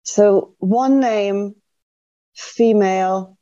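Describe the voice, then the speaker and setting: A woman's voice: medium pitch, drawn-out words, dark tone, lo-fi sound. A woman in her forties from Germany, chatting as a quiz contestant in a self-deprecating way. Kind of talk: casual quiz banter.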